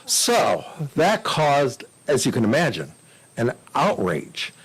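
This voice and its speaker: An older man with a husky voice spins easygoing anecdotes for a club audience. He talks in a chatty, animated way and slips into the voices of the people in his stories. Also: mid-range voice, slow, rough recording. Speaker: guest speaker at a club meeting. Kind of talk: anecdotal storytelling talk.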